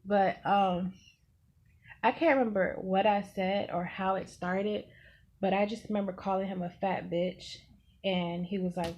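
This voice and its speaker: A young woman vlogger telling a casual storytime, animated and swearing, acting out what people said. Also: medium pitch, a little slow. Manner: animated, swearing, acts out quotes.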